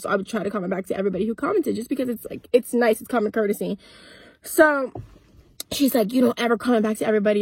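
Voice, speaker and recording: A woman's voice: medium pitch, creaky, breathy edge, no room sound. An eighteen-year-old woman telling a storytime vlog in a casual, blunt way, swearing freely and acting out both sides of old arguments. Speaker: content creator.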